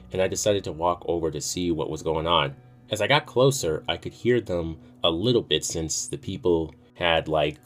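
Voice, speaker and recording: Low-voiced man telling a story. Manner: casual, swears freely. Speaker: storytime youtuber. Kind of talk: casual storytelling. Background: faint music.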